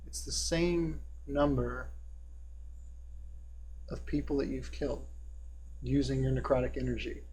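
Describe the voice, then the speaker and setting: A man running a tabletop game as game master, describing scenes with a measured, descriptive delivery. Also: mid-range voice, steady tone, darkish tone, a little hiss or hum. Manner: descriptive, measured narration with fillers.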